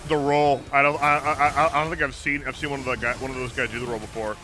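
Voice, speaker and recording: A man's voice: mid-range voice, level tone, fast. A man streaming a game, chatting casually with friends, laughing and swearing. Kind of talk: casual gaming chat with friends. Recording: game music underneath.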